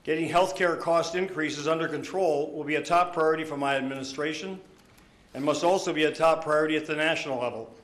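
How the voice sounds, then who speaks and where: A man with a slightly higher voice reads a prepared budget statement at a news conference. He speaks in a measured, deliberate way and leans on the words he wants to stress. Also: fairly even intonation, fairly bright tone, roomy sound. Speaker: governor.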